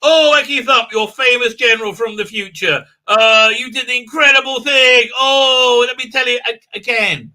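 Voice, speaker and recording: A man putting on a high, gushing, mocking voice for a boastful, flustered female time traveller. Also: lively intonation, moderate pace, few pauses, pushed and bright, heavily acted.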